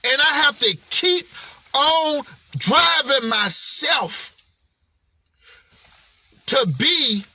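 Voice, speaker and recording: Guy with a real high bright voice preaching hustle, slow and emphatic, slangy and playful. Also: animated, dry recording. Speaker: motivational speaker and self-published author. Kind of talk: motivational vlog monologue.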